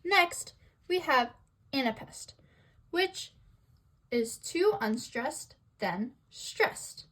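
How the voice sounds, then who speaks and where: Young woman doing a school lesson, high bouncy voice, reads it out slow and careful. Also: expressive, a bit bright. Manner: slow, sing-song reading with rhetorical questions. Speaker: student presenter.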